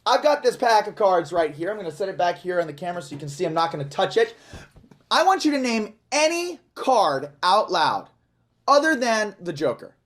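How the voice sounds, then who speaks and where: Brief: male magician, showy self-mocking patter, animated pitch. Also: brisk. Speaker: magician performing for a live audience.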